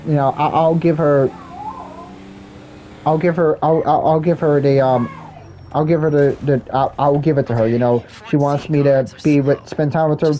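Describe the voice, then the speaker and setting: A man's voice: on the high side, steady tone, moderate pace, warm tone, highs cut off, slight background noise. A man ranting casually while playing a game, rambling and restarting his sentences often. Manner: rambling, repetitive, many restarts. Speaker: gaming vlogger. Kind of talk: casual rant while gaming.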